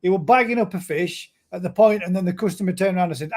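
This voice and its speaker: Chatty man, high voice. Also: fast talker, hardly any pauses, a little mellow. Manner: chatty, friendly, calls everyone mate. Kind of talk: casual live-stream chat.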